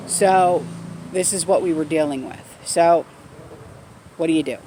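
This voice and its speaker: A woman's voice: low voice, a little slow, dark tone, a little hiss or hum. A woman vlogger telling a story in a casual, blunt way, swearing freely, recorded outdoors in her backyard garden.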